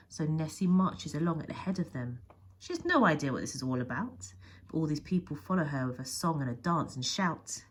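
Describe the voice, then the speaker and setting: A woman's voice: low-pitched, lively intonation, fairly quick, husky. A woman teacher reading a picture book aloud with expression, often dropping to a whisper. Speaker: primary school teacher.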